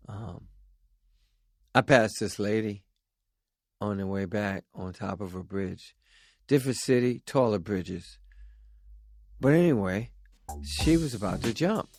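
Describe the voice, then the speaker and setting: A man's voice: lowish voice, slow, long pauses, a little mellow, no room sound, clean studio sound. A man hosting his own vlog who talks in a rambling, profane way and slides into telling a stand-up bit. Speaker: vlog host and stand-up comic.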